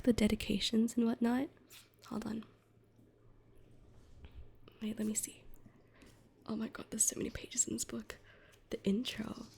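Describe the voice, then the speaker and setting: Close to the mic, a young woman streamer whispers through an ASMR chat, rambling, giggling at herself as she reads and being self-deprecating. Her voice is fairly high, creaky, husky and dark in tone.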